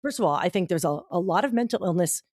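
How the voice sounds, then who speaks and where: Middle-aged woman guest, low-set voice with very lively swings, vivid storyteller. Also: fast talker, no echo, studio quality. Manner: animated storyteller who acts out quoted dialogue. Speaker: guest author and speaker. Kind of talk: casual podcast conversation.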